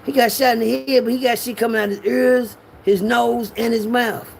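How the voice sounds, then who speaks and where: A middle-aged man, telling a street story in an animated way and raising his voice to act out quotes. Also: normal speed, creaky, a little hiss or hum. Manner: animated, acts out quotes with raised pitch.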